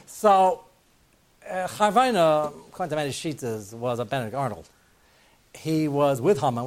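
A man giving a Torah class, joking and wandering off on side stories while mixing in Hebrew and Yiddish terms. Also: on the high side. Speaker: rabbi teaching a class.

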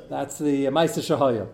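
A man's voice: medium pitch, gravelly, a little mellow. A man as a rabbi giving an informal talk to his congregation, telling anecdotes in a conversational way and taking questions. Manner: storytelling, conversational, takes audience questions. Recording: roomy echo.

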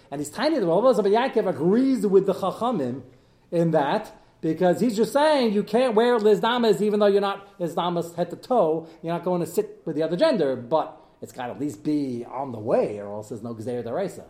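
A man teaching a Talmud class as a rabbi, animated and joking, his voice jumping up and down as he mixes in Hebrew study terms. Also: fairly quick. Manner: animated, swings in pitch and loudness. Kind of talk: lively Talmud lecture with jokes.

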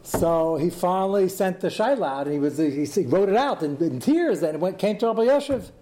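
A man teaching a Torah class, telling a story animatedly with frequent Hebrew and Yiddish terms and quick asides. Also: sits high, expressive, dark tone.

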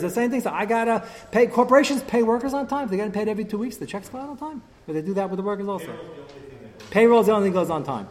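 A man teaching a lively religious class, telling anecdotes with animated, exasperated emphasis. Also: high voice. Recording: long hall reverb.

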